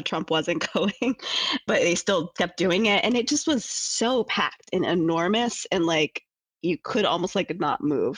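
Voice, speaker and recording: A woman chatting on a podcast, talking in quick bursts that trail off. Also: fairly low pitch, a bit bright, husky, no echo. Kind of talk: casual podcast chat.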